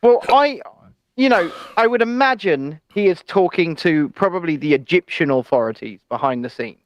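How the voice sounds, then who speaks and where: A man's voice: fairly high pitch, animated, normal speed. A man co-hosting a casual news chat show, talking in an opinionated, chatty way with hedging asides. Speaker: co-host.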